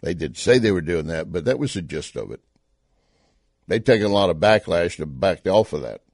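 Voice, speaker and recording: A man's voice: deep voice, big pitch swings, moderate pace, gravelly, darkish tone, no room sound. Man, texan accent, scornful commentary, dry close sound. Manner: sarcastic, scornful. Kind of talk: political commentary over clips.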